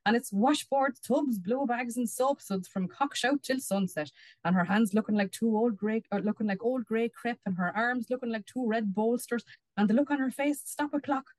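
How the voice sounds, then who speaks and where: A woman's voice: a little high, moderate pace, a little mellow, dry recording, pitched above the performer's own voice, close to an everyday voice. An Irish woman reading aloud, voicing a small, meek country man who complains about his wife. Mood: wheedling.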